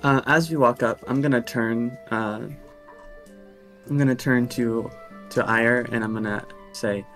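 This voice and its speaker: A man playing a tabletop game, talking in a halting way with many uhs. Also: mid-range voice, steady tone, a bit bright, faint music behind. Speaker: player.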